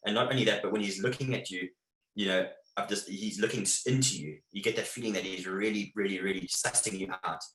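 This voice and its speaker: Man presenting a webinar, low-set forceful voice, echoey room over a call mic. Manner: vivid anecdotal storytelling, many fillers and restarts. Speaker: wildlife photographer giving a webinar talk. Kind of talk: storytelling presentation.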